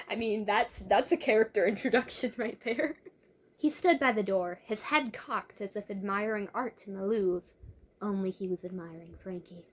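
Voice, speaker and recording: A woman's voice: medium pitch, moderate pace. A young woman who reads a teen novel aloud and breaks off often into chatty, amused asides. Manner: chatty, amused, laughs often and interrupts her own reading. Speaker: book reviewer. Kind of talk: casual reading and commentary.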